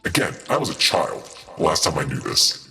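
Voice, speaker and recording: A man's voice: sing-song, moderate pace, bright, forceful tone, reverberant, long reverb tail. A male streamer chatting casually and rambling, his voice run through a demon voice changer. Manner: rambling, self-amused. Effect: deep demon voice changer. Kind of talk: casual live-stream chat.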